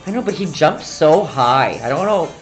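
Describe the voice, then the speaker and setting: A deep, animated woman's voice at normal speed hosts a casual painting livestream while faint music plays. The instructor is chatty, reads viewers' remarks out loud, and interrupts her own sentences.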